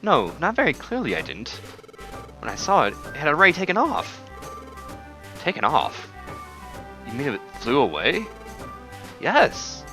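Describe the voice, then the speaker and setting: A man's voice: huge pitch swings, unhurried, pauses often, pushed and bright, soft background music, heavily acted. A man voicing a dramatic male lizard shopkeeper in a game playthrough, wailing in a theatrical, raised voice. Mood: fussy. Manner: theatrical, high-pitched lament.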